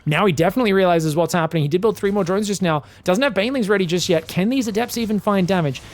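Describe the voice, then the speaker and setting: A man giving solo commentary on a strategy game match, excitable and chatty, bursting into shouted reactions and talking straight to his viewers. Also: high-pitched, quick pace. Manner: chatty asides, addresses viewers as guys. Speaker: esports caster.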